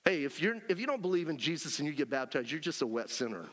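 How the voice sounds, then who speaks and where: A man preaching a lively, animated sermon as pastor, acting out scenes and whooping with joy. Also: fairly high pitch, quick pace. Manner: animated, acts out scenes, frequent shouts of joy. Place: church sanctuary. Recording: long hall reverb.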